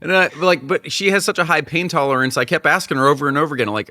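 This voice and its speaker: A man's voice: on the high side, fast talker, sharp tone, no echo, studio quality. A man on a podcast chatting candidly and laughing at his own mistakes. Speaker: podcast guest. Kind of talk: casual podcast chat.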